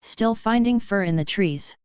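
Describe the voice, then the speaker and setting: A woman's voice: mid-range voice, a little slow, darkish tone, clean tone, dry recording, highs cut off, natural voice. Woman reading as a breezy, unfazed archer.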